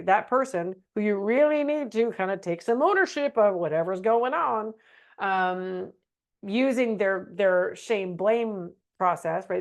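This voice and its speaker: Lively woman teaching a webinar. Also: mid-range voice. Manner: animated, acts out quoted phrases in a meek voice. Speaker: webinar presenter.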